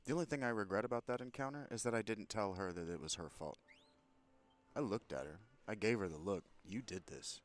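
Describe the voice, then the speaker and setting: A man's voice: fairly low pitch, fast talker. A man telling an angry, profane story about a confrontation, aggrieved and heated. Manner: profane, aggrieved, retells a confrontation with mounting anger. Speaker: vlogger.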